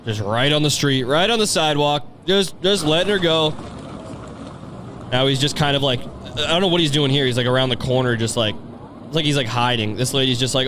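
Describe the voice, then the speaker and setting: A man's voice: medium pitch, a little fast, a bit bright, a little hiss or hum. A man hosting a podcast, riffing on a video in rambling, profane, sardonic casual commentary. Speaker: podcast host.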